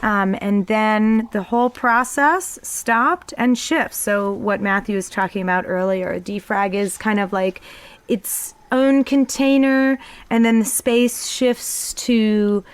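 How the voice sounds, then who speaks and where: A woman talking reflectively about spiritual experiences in a casual conversation, often pausing with ums. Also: medium pitch, steady tone, smooth, no echo. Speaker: guest sharing spiritual experiences.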